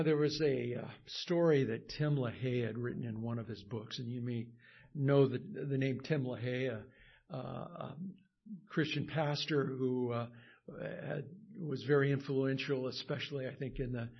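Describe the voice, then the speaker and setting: A male pastor leading a prayer and telling a story in a sermon, halting with many fillers and restarts, growing animated as the story builds. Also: mid-range voice, gravelly, husky, muffled recording. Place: church.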